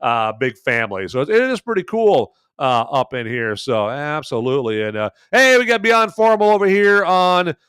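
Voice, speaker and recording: A man hosting a podcast and reviewing a film in a loose, chatty way, with plenty of "uh"s and punchy asides. His voice is smooth and resonant, and it sits in a dry, close-miked sound with no room echo. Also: mid-range voice, very animated, normal speed, few pauses, a bit bright. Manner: chatty, filler-heavy, emphatic asides. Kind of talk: casual spoken film review.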